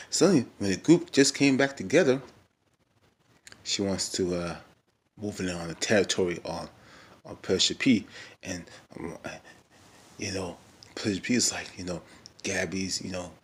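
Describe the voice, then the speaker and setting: A man's voice: on the low side, fairly bright tone, slightly rough. A young man giving a casual, chatty recap of a reality show episode, full of fillers and acted-out quotes.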